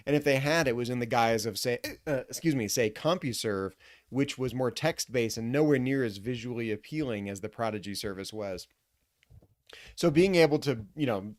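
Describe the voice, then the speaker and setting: A man in his forties streaming casually from his computer, rambling with fillers and frequent throat clearing, slightly hiccupy. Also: mid-range voice, dry recording, studio quality. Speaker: live streamer. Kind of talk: casual live stream commentary.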